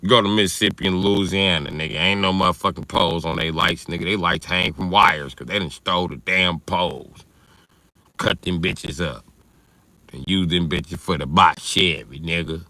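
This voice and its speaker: A man's voice: low voice, moderate pace, pushed and bright, no echo. A man hosting a livestream, riffing through a loose, profane comedic rant and answering chat. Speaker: livestream host.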